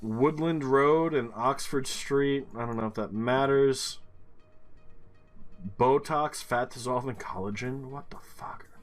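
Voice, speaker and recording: A man giving casual game commentary, thinking aloud as he works through clues, muttering and swearing now and then. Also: medium pitch. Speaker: gaming streamer.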